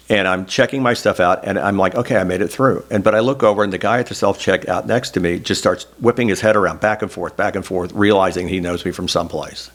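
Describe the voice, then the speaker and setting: A middle-aged man from Oklahoma, a former state senator, telling earnest, self-deprecating stories in an oral history interview. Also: deep voice. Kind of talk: reflective oral history storytelling.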